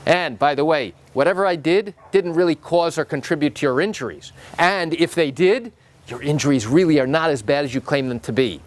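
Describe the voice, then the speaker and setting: A man's voice: brisk, natural voice. A man acting as an indignant doctor on the defensive. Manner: protesting, rising pitch. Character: indignant defensive male doctor being sued.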